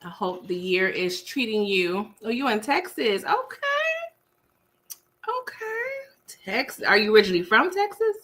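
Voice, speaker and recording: A woman's voice: mid-range voice, very animated, normal speed, a bit bright, a little hiss or hum. A woman from the US East Coast with an East Coast accent, hosting a casual livestream, chatting with viewers and laughing while eating dinner on a laptop mic. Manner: chewing while talking. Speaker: livestream host.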